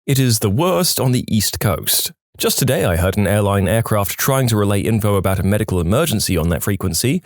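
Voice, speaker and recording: A man narrating posts from an online forum, reading them in a lively, expressive way with a touch of playful sarcasm. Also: on the low side, no echo, studio quality. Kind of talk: storytelling narration.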